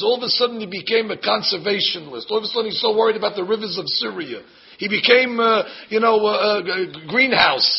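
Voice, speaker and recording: High-voiced man teaching a lively Bible lesson. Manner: lively storyteller acting out the characters. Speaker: religious teacher. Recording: dull lo-fi recording.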